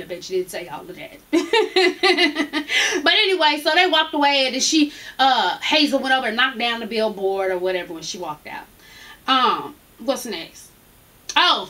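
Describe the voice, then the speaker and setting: A young woman dishes on reality TV. Her voice is high and bright, and she stays brash and profane, breaking into laughter often. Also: animated, moderate pace. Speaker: reality TV recap vlogger. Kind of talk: casual gossip review.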